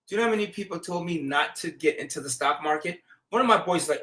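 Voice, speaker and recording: A man's voice: a little high, fast. A man hosting a show, telling stories in a casual, slangy way and acting out quotes. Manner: animated, slangy, acts out quotes with laughs. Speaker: show host. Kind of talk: casual storytelling chat.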